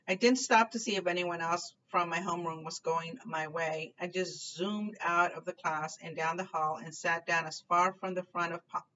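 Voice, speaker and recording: A woman reading a children's novel aloud in a clear, expressive storytelling manner. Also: on the low side, normal speed, hardly any pauses. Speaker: book reader. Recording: distant dull lo-fi recording, faint noise.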